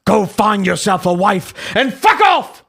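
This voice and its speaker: A man's voice: sits high, very animated, slow pace, creaky, husky, voice pushed up, full character voice. A man reading a hot-headed British man's posts in a put-on British accent, furious and insulting. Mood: indignant. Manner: indignant, shouting insults.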